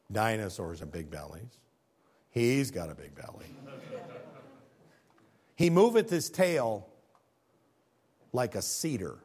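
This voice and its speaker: A man giving an animated faith talk over slides, asking rhetorical questions and pressing his points with emphasis, now and then stumbling over his words. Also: mid-range voice. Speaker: speaker presenting slides.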